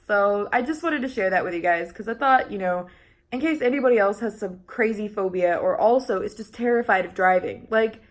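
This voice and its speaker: A woman's voice: medium pitch, fairly quick. A young woman talking casually in a vlog, chatty and full of restarts and fillers, laughing often. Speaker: vlogger.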